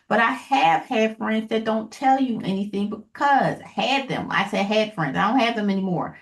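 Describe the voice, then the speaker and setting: A woman on a casual podcast, talking hesitantly and searching for her words with many fillers. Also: mid-range voice. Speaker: podcast co-host. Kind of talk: casual chat.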